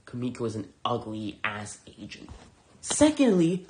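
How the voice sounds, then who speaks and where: A man's voice: mid-range voice, huge pitch swings, a little slow, a little mellow, a little hiss or hum. A man hosting a podcast, reviewing shows in a heated, profane, sarcastic rant. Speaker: podcast host.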